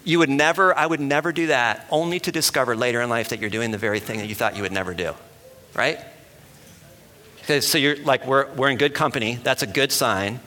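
Male pastor, bright forceful voice, chatty sermon style, long hall reverb. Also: medium pitch, a little fast. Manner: conversational, animated, asks the room questions. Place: church hall with an audience.

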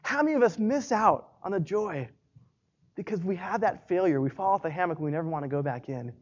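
A man's voice: high voice, animated, fast, muffled recording. A man in his thirties preaching a sermon, earnest and encouraging as a pastor.

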